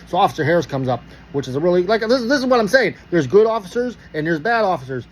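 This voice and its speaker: A man from Pittsburgh telling a story casually, animated and profane, acting out the dialogue. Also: sits high, fast talker, slight background noise, low-quality recording.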